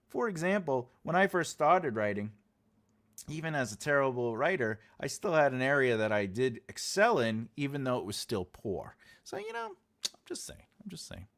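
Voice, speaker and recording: Hosting a live writing class, a man with a slightly high, fairly bright voice talks casually and with humor to his audience. He rambles, uses many filler sounds, and answers chat comments out loud as the class's teacher.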